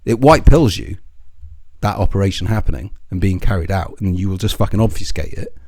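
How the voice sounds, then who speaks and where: A man's voice: deep voice, lively intonation, brisk, darkish tone. A man hosting a commentary channel, ranting with heavy swearing and scorn. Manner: profane and scornful, lots of swearing.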